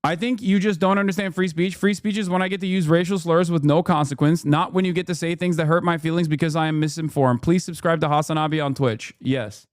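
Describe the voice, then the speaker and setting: A male streamer giving blunt, exasperated reaction commentary, swearing now and then. His voice is high for a man and smooth, and the sound is dry and close. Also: steady tone, quick pace, few pauses, no room sound. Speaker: streamer host.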